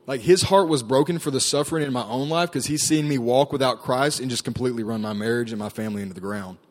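A man's voice: mid-range voice, fast. Man telling his testimony, casual. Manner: casual storytelling, many fillers and "like". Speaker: ministry staff member giving testimony. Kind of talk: personal testimony talk.

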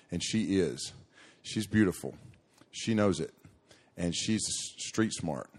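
A man's voice: fairly low pitch, a little mellow. A middle-aged man preaching to young people, telling a story in a folksy, rambling way with many restarts and fillers.

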